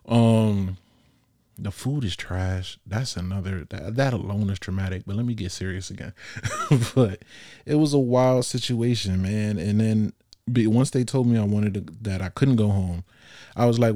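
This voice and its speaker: Laid-back man with a low, mellow voice. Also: moderate pace, no echo, studio quality. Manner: casual, animated, laughs often, slangy and blunt. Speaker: podcast host. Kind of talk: candid solo podcast storytelling.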